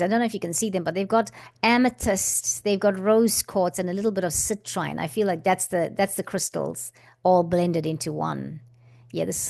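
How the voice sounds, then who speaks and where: A woman's voice: medium pitch, vocal fry. A woman hosting a casual spiritual vlog, chatty and meandering with many asides, who at times breaks into flowing chanted syllables. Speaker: spiritual channel host.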